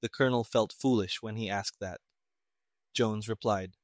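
A man's voice: lowish voice, dry recording. Man narrating a story, dry close sound. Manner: measured, even storytelling. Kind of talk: scripted audiobook narration.

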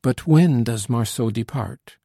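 A man's voice: medium pitch, a little slow, gravelly, warm tone, dry recording, studio quality, voice pushed up. A man reading an audiobook, voicing a grateful aristocratic father near fifty who speaks fervently and formally. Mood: earnest. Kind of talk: audiobook character voice.

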